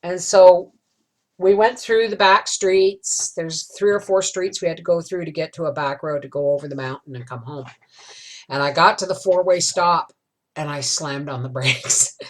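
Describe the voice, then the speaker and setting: A woman's voice: low voice, normal speed. A middle-aged woman vlogging, telling a long, emotional personal story in a rambling, confiding way, often tagging lines with "right?". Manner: tag questions like "right?". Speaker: homestead vlogger. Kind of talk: casual storytelling chat.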